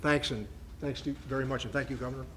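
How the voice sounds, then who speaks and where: An older man, a congressman, giving measured, emphatic press conference remarks on a factory floor, with frequent fillers and restarts. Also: medium pitch, fairly even intonation, background noise.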